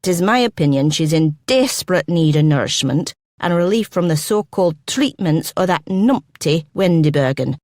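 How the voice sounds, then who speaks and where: A woman doing a stern Scottish physician in a storybook reading, clipped and no-nonsense, his voice a touch low and dry. He sounds short on patience and sure of himself. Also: animated, moderate pace, hardly any pauses, darkish tone, no echo, lightly acted. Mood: brusque. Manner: crisp, blunt. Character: stern Scottish male doctor, crisp and brusque.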